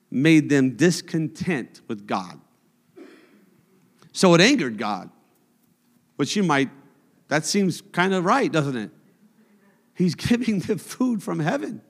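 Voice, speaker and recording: Brief: male preacher, high and animated, chatty with humor and then emphatic, in a reverberant sanctuary. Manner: conversational and humorous, rising to emphatic. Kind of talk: sermon. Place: church sanctuary. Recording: long church hall reverb.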